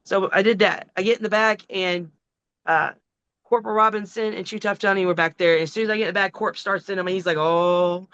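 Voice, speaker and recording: A middle-aged woman, a wrestler, telling a long story in a casual, profane, animated way. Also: mid-range voice, quick pace, dry recording, dull audio. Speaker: wrestling guest.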